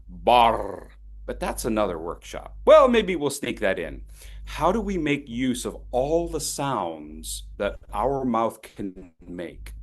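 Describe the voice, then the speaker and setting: A man coaching public speaking on a video call, teasing his students by name and stressing his words slowly as he teaches. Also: mid-range voice. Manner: playful, teasing participants by name; slow, deliberate emphasis when teaching. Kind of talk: online voice workshop.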